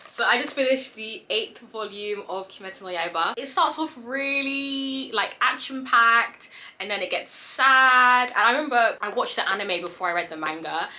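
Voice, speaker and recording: A young woman chatting casually to camera as a vlogger, expressive and giggly, acting out her own reactions at home. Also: on the high side, normal speed.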